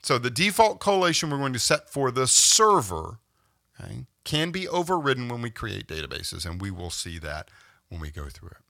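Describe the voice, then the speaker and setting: A man teaching a screen-recorded software tutorial, explaining step by step and checking in with "okay?" as he goes. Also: mid-range voice, very animated, normal speed, creaky, dry recording, clean studio sound. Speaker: instructor.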